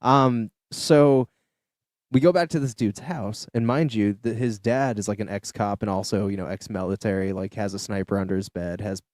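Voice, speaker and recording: A man's voice: on the low side, normal speed, a little mellow, no echo, studio quality. Profane young man telling a story. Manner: loose, profane storytelling with many fillers. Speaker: podcast host. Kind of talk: casual storytelling chat. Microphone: studio podcast mic.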